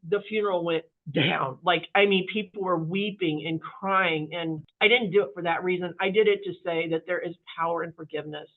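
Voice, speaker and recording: A woman guest telling her life story in an interview, animated and full of fillers, acting out the voices of the people in it. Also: fairly low pitch. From Kansas City area, US. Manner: animated, acts out quoted voices, many fillers. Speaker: podcast guest. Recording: phone-like narrow audio.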